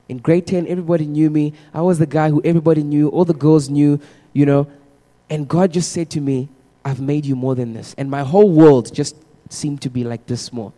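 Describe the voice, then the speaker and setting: Young preacher in echoey hall. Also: male voice, fairly high pitch. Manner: casual, animated storytelling with humor. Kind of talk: sermon testimony to a congregation.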